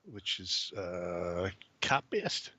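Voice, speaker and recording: A man's voice: deep voice, very animated, drawn-out words, pushed and bright, no echo. A man hosting a podcast, chatting casually with wry, sweary humor and reading an article aloud with relish. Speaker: podcast host. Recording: muffled lo-fi.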